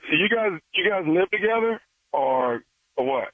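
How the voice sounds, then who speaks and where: A man works a prank call, calm, persistent and pushy. His voice sits a little high and comes through a tinny, dry phone line. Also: unhurried, no room sound. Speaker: radio prank caller.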